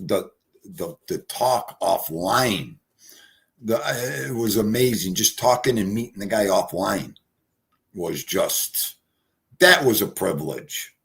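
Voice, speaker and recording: Brash, profane New livestream host. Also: male voice, low-pitched, expressive, takes it slowly, vocal fry, fairly bright tone. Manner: brash, profane, greets chatters. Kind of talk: casual livestream chat.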